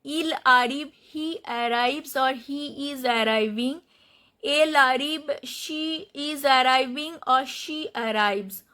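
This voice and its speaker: A woman's voice: high-pitched, slow, sharp tone. A woman teaching French pronunciation, explaining rules step by step, spelling out letters and repeating each word. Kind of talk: slow explanatory lesson.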